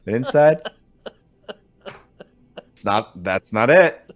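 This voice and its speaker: Brief: male game streamer, crude jokey commentary, unhurried and lively in pitch. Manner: profane, joking banter. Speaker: co-host.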